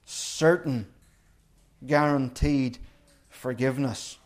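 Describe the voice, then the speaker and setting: A man preaching a sermon in an earnest, deliberate way, repeating key phrases for emphasis. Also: mid-range voice, steady tone. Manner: earnest, emphatic repetition with slow deliberate pauses.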